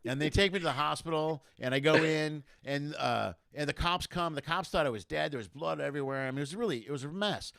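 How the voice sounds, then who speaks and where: A middle-aged man in casual chat, telling a story in an animated way and acting out the voices of the people in it. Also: a little high, fast talker, gravelly, hardly any pauses, no room sound, clean studio sound. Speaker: comedian guest.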